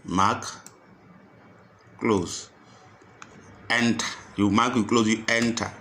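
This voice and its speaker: A man tutoring computer skills, walking through a software task step by step and repeating each instruction. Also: lowish voice, steady tone, takes it slowly, a little hiss or hum. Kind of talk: screen-recorded software tutorial.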